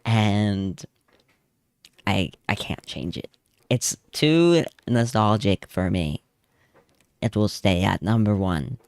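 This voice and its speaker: A young man chats casually on a home stream, drifting through anecdotes with a self-amused, rambling manner. His voice sits a little low and he takes his time with every phrase. The close desk mic keeps the sound dry, with no room echo. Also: lively intonation, slow pace, long pauses, darkish tone, smooth. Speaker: vtuber streamer. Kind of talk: casual chat while drawing.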